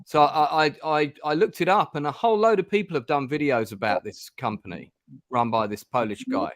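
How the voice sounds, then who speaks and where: A middle-aged man hosts a stream where he plays a gamebook, chatting casually and rambling with lots of ums and restarts. His voice is on the high side and fairly bright, fairly quick, with clean studio sound and no room sound.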